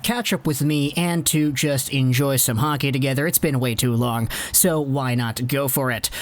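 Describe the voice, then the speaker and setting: A man hosting a hockey news channel, giving casual, enthusiastic commentary with chatty, sometimes sarcastic asides. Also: on the high side.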